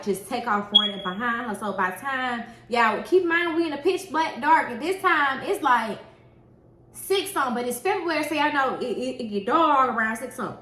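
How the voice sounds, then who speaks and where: A woman who works as a nail technician telling a story in a casual, animated way, swearing often and acting out what people said. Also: fairly high pitch. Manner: animated, profane, acts out quoted dialogue. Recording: echoey room with faint noise.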